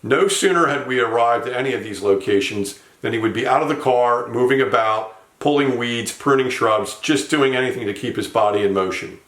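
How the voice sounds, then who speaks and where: A man narrating a tribute, telling steady, fond stories about an old friend. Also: mid-range voice, a little fast, hardly any pauses, roomy sound.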